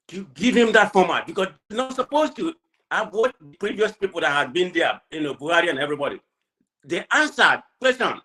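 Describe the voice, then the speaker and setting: Man, Nigerian accent, indignant rant, live stream caller, bright edgy tone, higher pitch. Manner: indignant, ranting, swings from low and calm to loud outbursts. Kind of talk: impassioned live audio commentary.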